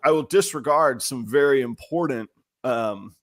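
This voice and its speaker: A man's voice: medium pitch, a little slow. A man hosting a podcast, telling candid, self-deprecating work stories and acting out the quotes in them. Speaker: podcast host. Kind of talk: casual chat.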